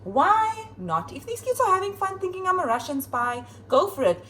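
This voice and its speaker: A woman schoolteacher chatting casually in her home kitchen as she reads out quotes and adds playful, expressive asides. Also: extremely high pitch, moderate pace, slight background noise, rough recording. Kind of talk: casual vlog chat reading kids' quotes aloud.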